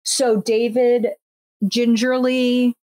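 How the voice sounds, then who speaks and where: A woman, telling a story on a podcast with lively acted-out quotes and lots of "like". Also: on the high side, extremely slow, no room sound. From United States. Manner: animated, acts out quotes, frequent "like" fillers. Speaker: podcast host. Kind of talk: casual storytelling chat.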